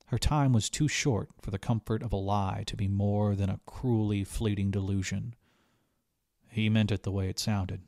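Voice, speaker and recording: A man reading a short story aloud as an audiobook narrator, with steady, even storytelling. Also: fairly low pitch, unhurried, creaky, no echo, clean studio sound. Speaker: audiobook reader. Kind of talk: scripted narration.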